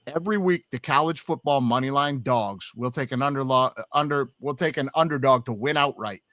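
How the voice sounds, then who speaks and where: A man hosting a sports podcast, talking through football picks in a casual, animated way. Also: mid-range voice, fairly quick, no echo, studio quality. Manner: animated, swears when excited. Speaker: podcast host. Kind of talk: casual sports betting chat.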